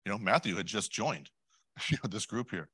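A man with a lowish voice delivers a sermon in a loose, conversational way. He breaks off for asides and questions to his listeners and clears his throat now and then. The sound is dry and close, with no room around it. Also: expressive, moderate pace, bright, forceful tone, no room sound. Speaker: lay preacher.

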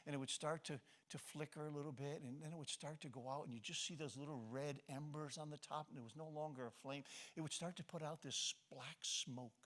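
A middle-aged man preaching a sermon, swinging between loud emphasis and soft, hushed passages, often restarting and repeating phrases. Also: a little high. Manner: impassioned, rising to emphasis then dropping soft. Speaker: pastor.

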